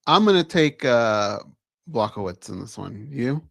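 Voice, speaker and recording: A man co-hosting a sports radio show, giving short, relaxed replies and his own picks in casual chat. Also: medium pitch, measured pace, creaky, no room sound, clean studio sound.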